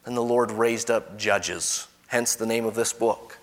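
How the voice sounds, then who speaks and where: Preaching man in a reverberant hall. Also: unhurried. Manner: expressive, rising for quoted voices and dropping low and soft at phrase ends. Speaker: pastor. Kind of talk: sermon reading and explaining scripture.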